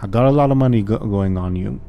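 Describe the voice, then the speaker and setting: A man's voice: lowish voice, quick pace, creaky, highs cut off, a little hiss or hum. A man voicing an impatient, brusque woman jailer who barks curt orders.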